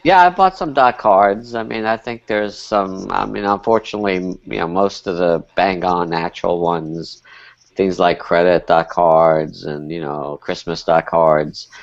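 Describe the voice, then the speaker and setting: Deep voiced guy on a panel, lots of i mean you know, dry muffled call sound. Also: vocal fry, no echo. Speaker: panelist, domain investor. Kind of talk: casual panel discussion.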